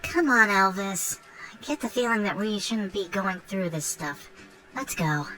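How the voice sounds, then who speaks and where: A woman's voice: mid-range voice, a little slow, sharp tone, low-quality recording. An actress voicing a curious, nervous young woman in a video game, speaking hesitantly.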